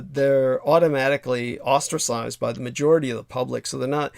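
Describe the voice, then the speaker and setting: A man's voice: medium pitch, vocal fry, no echo, studio quality. A man hosting a livestream talk show, rambling and emphatic, swearing freely as he tells a story. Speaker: show host.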